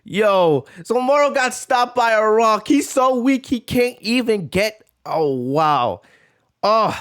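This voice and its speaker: Excitable male reaction-video host, casual slang, high and very animated voice. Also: slow pace. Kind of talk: live reaction commentary.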